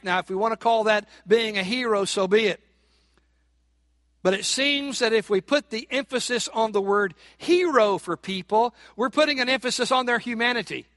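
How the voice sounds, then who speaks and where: A man's voice: very high voice, a bit bright, no room sound, clean studio sound. A man preaching a Sunday sermon as pastor, speaking with rising emphasis and asking the congregation rhetorical questions.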